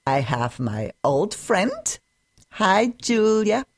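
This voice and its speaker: A woman's voice: medium pitch, big pitch swings, extremely slow. A woman hosting a radio talk show, gushing and laughing often as she chats with guests in the studio.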